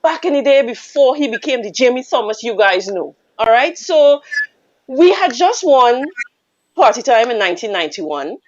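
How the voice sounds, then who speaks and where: Trinidadian woman, teasing storyteller, lots of laughter, a bit high, muffled lo-fi sound. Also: normal speed. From Trinidad and Tobago. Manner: animated, teasing, laughs often. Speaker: guest. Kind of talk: casual storytelling on a radio call-in.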